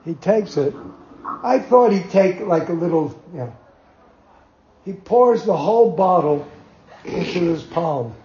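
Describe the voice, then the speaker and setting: An older man tells a story to a small group, acting out quotes and chuckling along. His voice is soft and mellow and he takes his time. The recording is dull and lo-fi, in an echoey room. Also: high-pitched, slight background noise. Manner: slow, animated storyteller who acts out quotes and chuckles. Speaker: devotee telling memories.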